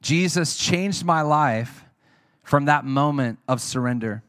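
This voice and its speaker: Earnest preacher, bright-voiced man. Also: fairly high pitch, slow pace, clean tone, no room sound, studio quality. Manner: conversational, earnest storytelling with asides to the audience. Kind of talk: sermon with personal testimony.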